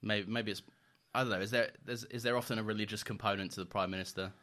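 A man's voice: lowish voice, steady tone, quick pace, sharp tone. A man co-hosting a casual podcast, swearing freely and laughing often as he talks. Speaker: podcast co-host. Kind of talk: casual chat.

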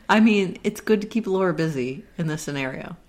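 A woman co-hosting a casual podcast, reacting with quick remarks and dry jokes. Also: fairly low pitch, lively intonation, darkish tone. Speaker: podcast co-host. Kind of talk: casual chat.

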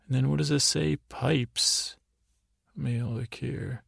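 Flat, gravelly man rambling softly. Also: mid-range voice, takes it slowly, no echo, clean studio sound. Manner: meandering, trailing off, paraphrasing scenes in a flat tone. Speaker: podcast host. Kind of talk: rambling sleep podcast recap.

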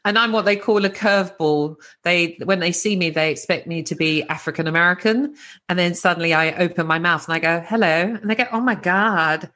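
A woman's voice: on the low side, brisk, bright, forceful tone. A British woman hosting a podcast interview, bubbly and enthusiastic, laughing easily. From Britain. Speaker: podcast host.

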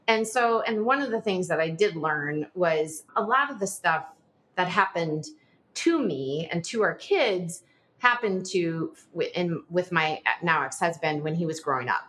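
Animated woman retelling a hard story. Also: lowish voice, measured pace. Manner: animated, frequent filler "like", reenacts dialogue. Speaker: podcast guest. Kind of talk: personal storytelling in an interview.

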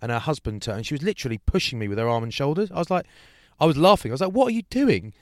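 This podcast co-host talks very fast in a mid-range voice, animatedly telling a casual story and performing the voices of its characters. The studio-quality recording has no room sound.

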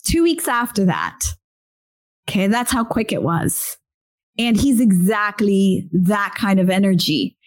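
A woman's voice: mid-range voice, expressive, measured pace. A woman hosting a podcast about love, talking in an effusive way and often repeating herself. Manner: warm, effusive, repeats phrases. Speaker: podcast host. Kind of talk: casual podcast interview.

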